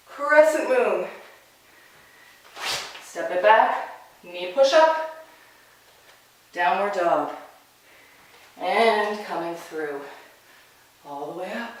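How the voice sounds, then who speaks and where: Slow calm yoga teacher giving short cues, super echoey room, mic kinda far away. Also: medium pitch. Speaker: yoga instructor. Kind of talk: guided yoga class cues.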